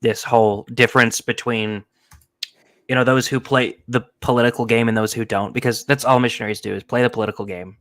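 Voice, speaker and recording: A man's voice: mid-range voice, brisk. A young man co-hosting a casual podcast, ranting and acting out the people in his stories. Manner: animated storytelling, acts out quoted people. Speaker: podcast co-host.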